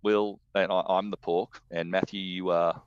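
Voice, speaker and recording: A man's voice: deep voice, level tone, normal speed, heavy background noise. An Australian man hosting a casual sports podcast, talking with enthusiastic, rambling energy. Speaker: podcast host. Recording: dull lo-fi dry sound.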